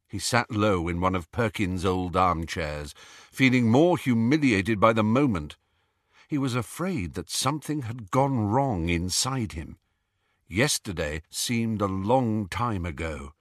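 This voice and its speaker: Male narrator, low and lively, measured storytelling, dry booth read. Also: dry recording. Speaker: audiobook narrator. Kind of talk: scripted narration.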